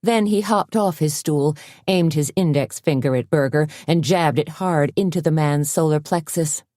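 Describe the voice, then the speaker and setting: A woman narrating a cozy mystery audiobook in an even, measured storytelling voice on a close mic. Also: low voice, no echo. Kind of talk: scripted narration.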